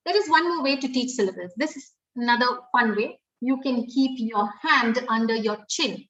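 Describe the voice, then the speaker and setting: Woman with an Indian English accent, pre-primary teacher, slightly high voice, patient step-by-step webinar delivery, muffled audio. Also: expressive, normal speed, sharp tone, recorded from a distance. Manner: explains step by step, often restarting and saying "uh" and "um". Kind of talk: webinar talk.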